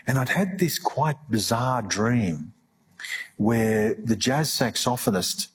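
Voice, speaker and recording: A middle-aged man talking earnestly in an interview, halting and restarting as he reflects. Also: medium pitch, expressive, a little hiss or hum. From Australia. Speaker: guest.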